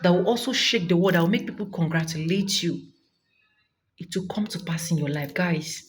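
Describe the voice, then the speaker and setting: A woman's voice: lowish voice, normal speed, slight background noise. A young Nigerian woman vlogging a fervent, preachy testimony of thanks, close to tears. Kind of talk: emotional testimony vlog.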